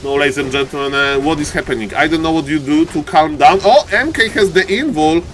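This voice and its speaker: A man casting a live strategy game match in English, which is not his first language, with bursts of shouting at big plays and joking asides to chat. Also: a little high, fairly quick, a little hiss or hum. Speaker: esports caster.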